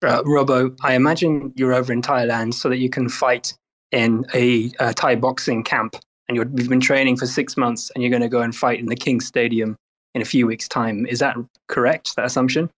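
A man's voice: medium pitch, level tone, normal speed, poor audio. A man joining a casual group chat, teasing others in a dry, long-winded way. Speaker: Twitter Space participant.

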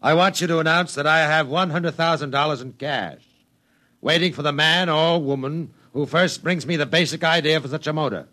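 An actor playing a domineering, ruthless business tycoon in a 1950s radio drama, giving curt, clipped orders. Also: male voice, fairly high pitch, normal speed, sharp tone. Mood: imperious.

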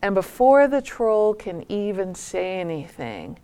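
A woman teacher retelling a folk tale in a reflective talk, often trailing off into soft near-whispers. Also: medium pitch, very animated, a little slow, clean tone. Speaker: meditation teacher.

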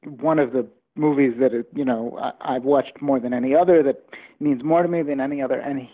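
A man's voice: mid-range voice, fairly even intonation, brisk. A man being interviewed as an author, telling anecdotes with enthusiasm. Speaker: author guest. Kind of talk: storytelling interview talk. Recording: phone-like remote line.

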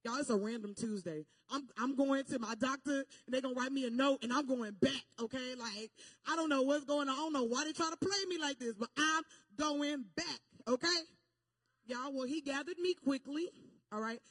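High-voiced woman preaching with fervor. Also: normal speed, slightly rough, no echo, studio quality. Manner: animated, repeats "okay?" and "y'all" to the listeners; builds to loud call-and-response preaching. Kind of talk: sermon-style testimony.

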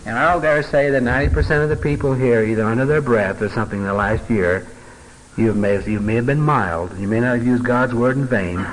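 A man's voice: medium pitch, a little fast, poor audio. A middle-aged man teaching a Bible passage in a folksy, conversational way, with joking asides and filler words.

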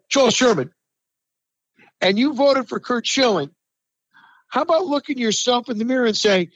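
A man co-hosting a sports talk podcast, ranting loudly and with a lot of swearing, from the New York area. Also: high-pitched, dry recording. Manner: ranting, profane, emphatic, heated. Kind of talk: heated sports talk chat. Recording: dry, muffled lo-fi sound.

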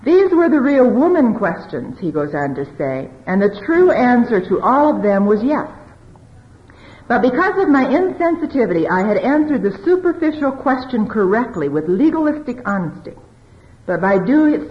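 Woman giving a talk to a crowd, voice goes up and down a lot, acts out little bits of dialogue, dull lo-fi sound. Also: mid-range voice. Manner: lively, confiding, quotes dialogue. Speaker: speaker on marriage. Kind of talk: talk to a live audience. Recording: dull lo-fi recording.

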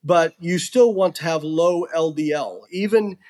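Lively, chatty man with a bright voice. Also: fairly high pitch, unhurried. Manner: animated, heavy use of "like" and "you know"; earnest, frank. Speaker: podcast guest. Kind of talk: casual storytelling and explaining research.

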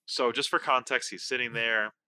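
A young man co-hosting a podcast, chatting casually and openly, animated and emotional. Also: medium pitch, moderate pace, clean tone. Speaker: podcast co-host.

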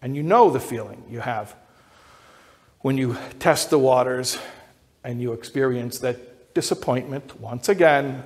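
A man who is an educator, giving a lecture that builds to emphatic high peaks, often repeating and restarting words as he thinks aloud. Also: measured pace, pauses often. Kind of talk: lecture to an audience. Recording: long hall reverb.

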